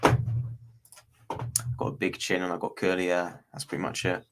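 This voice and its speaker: A man's voice: sits low, level tone, moderate pace, vocal fry, a bit bright. A man from Bristol, England, chatting casually as a guest on a video call livestream, rambling and slangy with many restarts. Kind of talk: casual chat.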